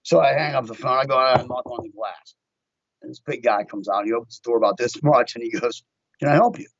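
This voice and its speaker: Man, animated storyteller, mid-pitch voice, dull dry lo-fi podcast sound. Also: fast talker, gravelly, dry recording. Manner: animated storyteller acting out his own quotes. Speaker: guest, window tint shop owner. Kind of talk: casual storytelling chat.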